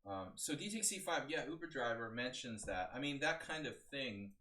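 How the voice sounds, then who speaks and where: A man's voice: medium pitch, lively intonation, moderate pace, pushed and bright. A man analyzing a chess game on a live stream, talking casually and thinking aloud with lots of fillers and restarts.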